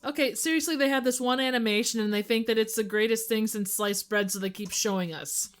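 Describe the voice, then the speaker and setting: A woman guesting on a casual comedy podcast, firing off quick quips and laughing often. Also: on the high side, clean tone.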